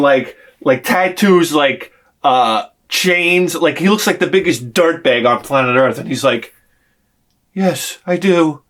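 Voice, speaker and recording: A man telling a long story as a vlogger in a casual, exasperated rant full of swearing. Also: fairly high pitch. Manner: animated, profane, exasperated.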